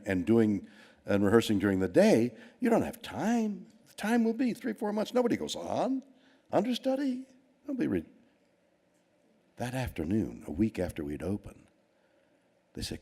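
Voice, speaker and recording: Giving a speech as an award recipient, an older Canadian man tells the audience a rambling anecdote, restarting often and quoting other people's voices. His voice is on the low side and a little mellow.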